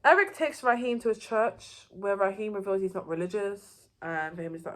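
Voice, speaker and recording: Woman rambling thru a show recap, casual, lots of restarts, middle pitch. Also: moderate pace, few pauses. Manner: rambling, loose, many fillers and restarts. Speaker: TV show reviewer.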